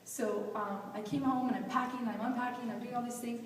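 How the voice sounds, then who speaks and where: A young adult woman giving a personal storytelling talk at a youth event, animated and acting out the dialogue she recounts. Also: a little high, fast, a little hiss or hum. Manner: animated, acts out quoted dialogue. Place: event hall. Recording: echoey hall from far off.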